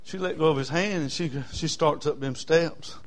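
A man, telling a story in a sermon in a folksy, animated way, with bursts of whooping. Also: a little high, moderate pace, heavy background noise. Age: 60s.

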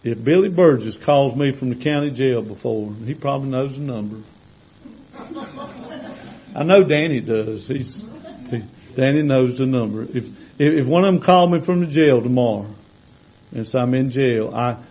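A man preaching a sermon to his congregation in a folksy, conversational way, swelling to loud, drawn-out emphasis when he reads scripture. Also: mid-range voice, animated, breathy edge, poor audio. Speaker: pastor. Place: church sanctuary with congregation.

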